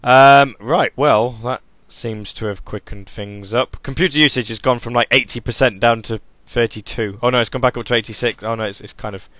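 A man's voice: medium pitch, fairly even intonation, fairly quick, few pauses, fairly bright tone, dry recording. A man hosting an online radio stream and podcast, talking casually in a rambling, self-interrupting way. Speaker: podcast host.

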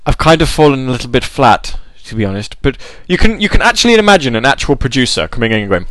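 Male host, rambling self-deprecating chatter, animated delivery. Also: medium pitch, fast, hardly any pauses, no echo. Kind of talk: casual chat.

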